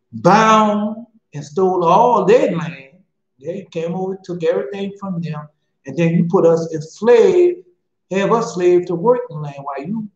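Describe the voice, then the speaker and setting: A man's voice: on the high side, dark tone. Pleading man preaching in an echoey room. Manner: pleading, repetitive, casual preaching. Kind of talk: impassioned street-style sermon. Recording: echoey, muffled, slightly noisy recording.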